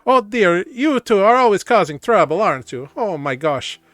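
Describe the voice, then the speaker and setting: A man's voice: high voice, big pitch swings, moderate pace, a bit bright, dry recording, soft background music, pitched above the performer's own voice. A man voicing a plump, short tiefling mother who fusses over her son, smothering and chatty. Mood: scolding.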